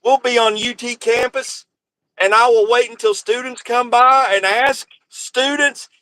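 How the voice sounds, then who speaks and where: A man hosting a casual comedic chat, excitable and quick to exclaim. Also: very high-pitched, no room sound. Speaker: host.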